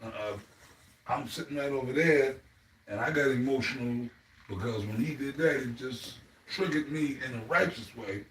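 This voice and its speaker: A man's voice: medium pitch, moderate pace, a bit bright. A man leading an informal spiritual group talk, rambling and emotional, often ending phrases with "man.". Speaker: elder in a religious group discussion. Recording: echoey room, distant mic, faint noise.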